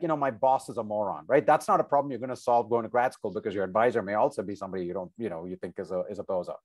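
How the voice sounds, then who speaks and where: Animated man giving casual advice. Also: medium pitch. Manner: animated, conversational, many asides like "right?" and "okay?". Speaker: professor giving PhD application advice. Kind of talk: informal advice talk over video call. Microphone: video call.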